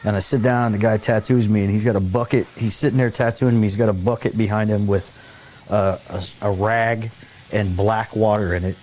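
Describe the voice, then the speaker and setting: A man hosting a casual talk show, telling a long anecdote with animated quoted voices and frequent laughter. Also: fairly low pitch, a little hiss or hum. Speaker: show host. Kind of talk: casual storytelling chat.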